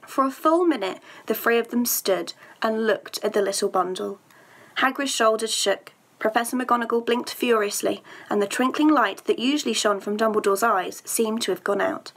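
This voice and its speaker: A woman's voice: on the high side, normal speed. A woman teacher reading a story aloud to her pupils, then chatting about a task with a few hesitant fillers.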